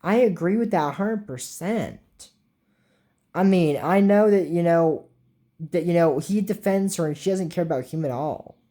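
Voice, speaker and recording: A woman's voice: on the low side, normal speed, mellow. A young woman casually recapping a cartoon episode, rambling with filler words and making little whooshing sound effects. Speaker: show recap host.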